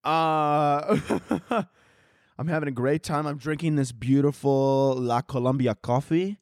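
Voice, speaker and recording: A man's voice: a little high, fairly even intonation, slow, no echo. Rambling crude man, dry close sound. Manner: rambling, self-interrupting, crude jokes. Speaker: podcast host. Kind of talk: crude comedic rambling monologue. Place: home, downstairs by a Christmas tree.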